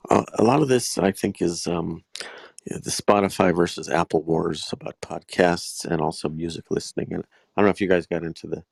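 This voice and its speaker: A man joining a live show as a guest, talking hesitantly with lots of pauses and fillers. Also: low-pitched, gravelly, dry recording. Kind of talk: casual chat.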